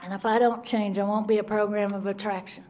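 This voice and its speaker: A woman's voice: medium pitch, level tone, fairly quick, darkish tone. A middle-aged woman, telling her recovery story bluntly and earnestly at a speaker meeting. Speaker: Al-Anon speaker. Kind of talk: recovery talk, personal story.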